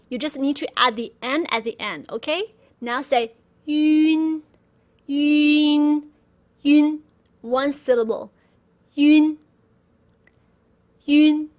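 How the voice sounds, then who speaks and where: Patient language teacher, woman, high voice, unhurried drilling of syllables. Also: a bit bright. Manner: demonstrates sounds slowly, repeats syllables for learners. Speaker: Chinese pronunciation teacher. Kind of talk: slow instructional pronunciation lesson.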